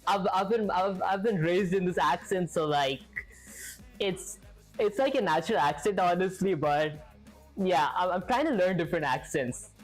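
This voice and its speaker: A chatty woman with a slightly low voice hosts a casual live stream while she works through code. She thinks aloud, giggles often and answers her viewers as she goes. Soft music plays faintly behind her. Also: animated, moderate pace.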